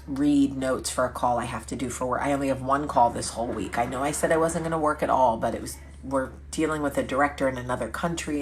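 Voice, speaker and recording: A woman hosting a casual vlog chat, telling stories with quick asides and self-corrections. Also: very deep voice, a little hiss or hum. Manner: chatty storytelling with quick asides; lively, laughing, self-correcting. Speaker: vlog host.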